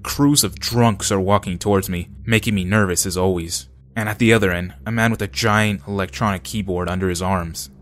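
A man narrating scary true stories in a steady, low-key way. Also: brisk, hardly any pauses.

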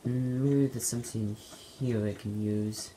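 Low-voiced playful young woman gamer. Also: fairly even intonation, a little slow, a little hiss or hum. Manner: playful, shouts in bursts and slips into silly voices. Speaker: gamer playing a horror game. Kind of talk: let's play commentary.

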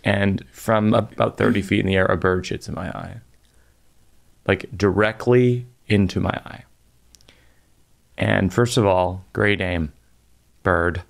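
A man's voice: deep voice, steady tone, slow pace, vocal fry, pauses often. A middle-aged man, a comedian hosting a podcast, telling a funny story in a dry, self-mocking way with playful asides. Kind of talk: comic storytelling in conversation.

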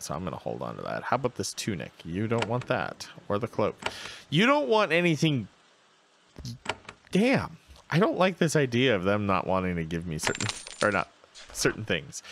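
Deep-voiced man chatting over gameplay. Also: creaky, noisy background. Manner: chatty, talks to himself, reads game text aloud. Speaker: let's play host. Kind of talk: casual gameplay commentary.

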